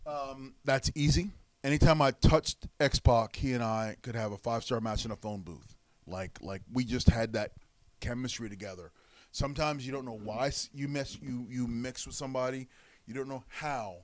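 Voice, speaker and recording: A former wrestler, a man, telling lively stories in an interview and acting out the quotes. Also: mid-range voice, normal speed. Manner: animated storyteller, acts out quotes. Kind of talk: storytelling interview.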